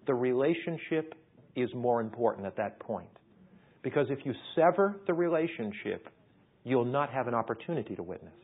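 A man's voice: medium pitch, expressive, normal speed, breathy edge. A man preaching a sermon as a pastor, in an earnest, conversational way that puts questions to the audience. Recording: tinny phone-like sound.

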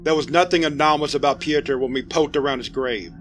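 A man's voice: a little high, brisk, a bit bright, natural voice. A man voicing a wry male agent on night watch, speaking in a dry, blunt and sardonic way, with faint music behind.

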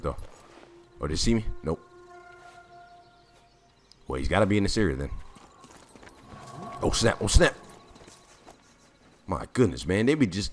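A man giving casual gameplay commentary, jumpy and prone to sudden loud exclamations, with a slightly raspy voice. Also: low voice, a little hiss or hum. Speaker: gamer.

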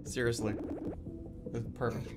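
A man's voice: mid-range voice, flat delivery, measured pace. A man hosting a party game stream, bantering and joking in a mock-regal way with his friends. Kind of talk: casual banter over voice chat. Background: game music.

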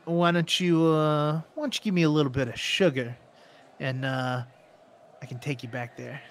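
A man's voice: a little high, fairly even intonation, moderate pace, close to an everyday voice. A man voicing a sleazy, flirtatious male gambler in a tabletop game, with smarmy drawling come-ons.

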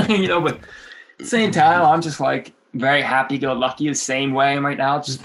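A man's voice: mid-range voice, moderate pace, crowd noise. A man in his thirties, a guest skateboarder, telling rambling stories in a casual interview, laughing often and swearing freely.

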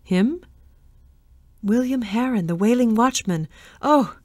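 A woman's voice: a little high, expressive, a little slow, a little mellow, slightly rough, no echo, clean studio sound, voice pushed up. A woman reading aloud and voicing a prim young office woman who speaks in breathless, alarmed exclamations.

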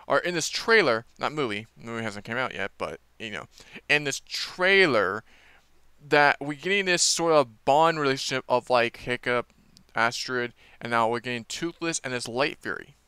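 A man's voice: mid-range voice, expressive, normal speed, pushed and bright, clean tone, dry recording. A man casually reviewing a movie trailer, rambling with lots of fillers and restarts.

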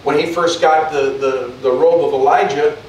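A man's voice: on the high side, fairly even intonation, normal speed, slight background noise. Echoey, slightly distant male preacher. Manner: conversational preaching with many restarts and repeated words. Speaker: pastor. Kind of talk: sermon.

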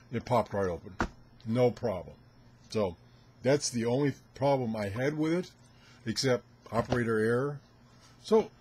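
A man's voice: medium pitch, a little mellow, slightly rough. An older man hosting a ham radio video, talking casually to camera in a rambling, chuckling way, a little out of breath.

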